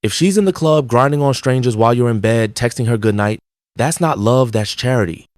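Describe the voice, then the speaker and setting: A man's voice: mid-range voice, brisk, no room sound, clean studio sound. A man giving blunt, mocking scripted commentary on viral clips. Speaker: reaction commentator.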